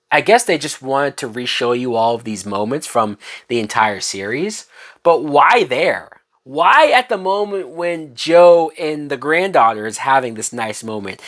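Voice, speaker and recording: Low, lively voice in an exasperated rant. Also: female voice. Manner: exasperated, swearing, mocking. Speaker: TV show reviewer. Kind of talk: profane ranting review.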